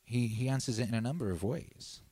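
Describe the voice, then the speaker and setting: A man hosting a music livestream, reading out viewers' comments with playful deadpan asides. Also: medium pitch, a little fast, breathy edge, dry recording. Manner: playful, deadpan asides, frequent ums and uhs.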